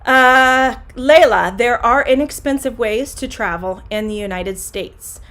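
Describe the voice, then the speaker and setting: A middle-aged woman teaching English in a live online question and answer session, greeting viewers by name and answering slowly and clearly. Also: on the high side, a bit bright. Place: home classroom.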